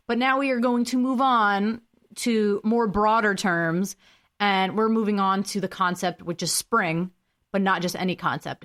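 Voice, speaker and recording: A woman's voice: medium pitch, fairly bright tone. Young female podcast host, chatty and self-deprecating, casual solo talk with frequent apologies.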